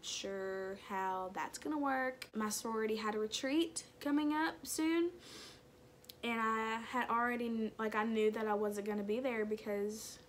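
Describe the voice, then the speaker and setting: Chatty young woman telling her story, lots of likes, kinda high voice. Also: a little slow, slight background noise. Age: young adult. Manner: chatty, animated, many "like"s. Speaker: vlogger. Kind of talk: personal storytelling.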